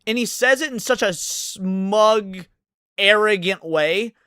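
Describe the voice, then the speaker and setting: A man's voice: high-pitched, slow pace, sharp tone, smooth, dry recording, clean studio sound. A man ranting with heavy swearing as a streamer reacting to a video. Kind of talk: profane reaction commentary.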